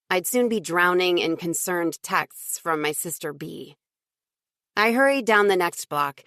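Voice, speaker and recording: A woman reading a first-person audiobook in an even, lightly wry storytelling voice. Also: lowish voice, dry recording, studio quality. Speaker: audiobook narrator.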